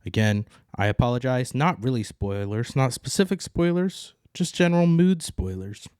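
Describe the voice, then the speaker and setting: A man's voice: medium pitch, lively intonation, normal speed, a little mellow, clean tone, no echo, clean studio sound. A man co-hosting a podcast in casual chat, blunt and profane, laughing often. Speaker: podcast co-host.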